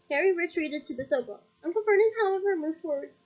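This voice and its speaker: Female reader, high voice, playful storybook reading, muffled lo-fi recording. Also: animated, quick pace, hardly any pauses. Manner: chatty, giggly asides between passages. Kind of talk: reading a novel aloud with asides.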